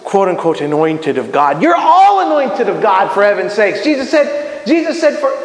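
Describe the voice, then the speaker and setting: Man, very high pitch, animated sermon delivery, repeated restarts, roomy hall echo. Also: moderate pace. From Miami, United States. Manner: animated, acts out prayers, many restarts. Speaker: bible teacher. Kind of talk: sermon-style teaching. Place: community center hall. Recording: echoey hall with long reverb.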